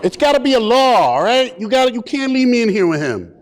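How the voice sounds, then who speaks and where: A man's voice: very high voice, very animated, a little fast. A man voicing a panicking teenage boy who pleads frantically, in a big reverberant hall. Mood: panicked.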